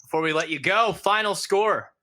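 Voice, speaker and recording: A man's voice: high-pitched, normal speed, bright, forceful tone. A man hosting a casual podcast, jokey and upbeat as he moves the show along. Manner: jokey, upbeat, runs the segments. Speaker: podcast host.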